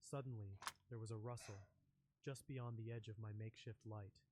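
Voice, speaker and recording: A man reading a scripted first-person horror story in a measured, ominous way. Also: fairly low pitch, steady tone. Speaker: narrator. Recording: noisy background with clicks.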